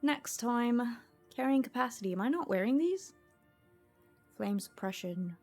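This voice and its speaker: A woman's voice: fairly high pitch, animated. Chatty woman streamer thinking aloud. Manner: thinks aloud to herself, chatty, quick laughs. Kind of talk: casual gameplay commentary. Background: faint music.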